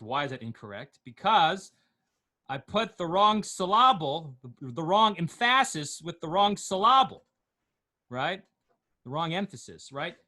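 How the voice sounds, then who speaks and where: A man teaching an online class, slowly chanting Torah words and notes, then explaining them in quick, joking asides. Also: a little high, sharp tone. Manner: jokey, asks questions of the class.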